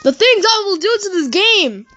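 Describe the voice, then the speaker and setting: A gaming YouTuber giving raging gameplay commentary, swearing and yelling in frustration and muttering to himself between outbursts. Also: very high-pitched, sing-song, moderate pace, muffled recording, faint music behind.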